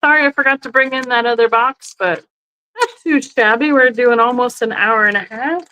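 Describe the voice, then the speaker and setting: A woman's voice: fairly high pitch, moderate pace, bright, forceful tone, rough recording. A woman hosting a live online sale, chatting casually and thinking aloud as she describes each item, often correcting herself. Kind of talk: casual live-stream selling. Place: indoors, seated in a chair.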